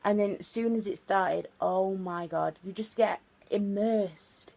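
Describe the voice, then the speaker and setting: A woman's voice: medium pitch, measured pace, vocal fry, a little mellow. A woman of twenty telling a chatty, earnest story for her vlog, full of fillers and repeated words. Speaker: vlogger.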